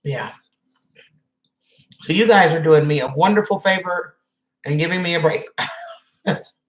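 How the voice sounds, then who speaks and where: A woman's voice: lowish voice, unhurried. A woman hosting a live stream, chatting casually and greeting viewers by name. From Southern United States. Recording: echoey room.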